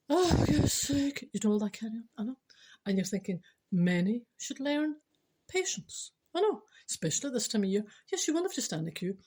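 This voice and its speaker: Husky-voiced Scottish woman, chatty. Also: mid-range voice, mellow. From Scotland. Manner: chatty, giggly, asides to the viewer. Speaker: vlogger telling funny stories. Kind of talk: casual storytelling.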